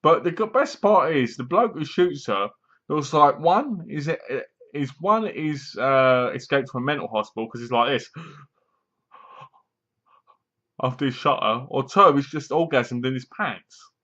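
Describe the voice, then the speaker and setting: A man chats through a horror film review at home, retelling scene after scene and acting out the lines as he goes. His voice sits at an ordinary middle pitch. The home recording sounds dull and lo-fi. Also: expressive, unhurried, sharp tone. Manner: rambling, enthusiastic retelling with acted-out quotes and laughs. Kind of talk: casual spoken film review. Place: home room, seated in a squeaky chair.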